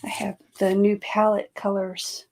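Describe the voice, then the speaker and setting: A woman's voice: mid-range voice, little pitch movement, unhurried, vocal fry, darkish tone, low-quality recording. A middle-aged woman chatting casually as she makes art on a live stream, laughing often and poking fun at herself. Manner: chatty, laughs often, self-mocking asides. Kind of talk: casual chat while making art.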